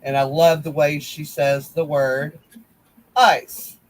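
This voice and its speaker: A man's voice: a little high, little pitch movement, measured pace, darkish tone, poor audio. A man telling rambling, teasing stories in a casual group chat. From West Virginia. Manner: rambling storyteller, folksy, teasing. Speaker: crochet group admin.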